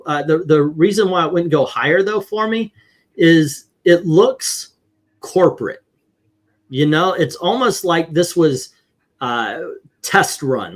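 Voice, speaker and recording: Upbeat male host, slightly high voice, casual livestream panel chat, tallies scores aloud. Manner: upbeat, tallying votes aloud.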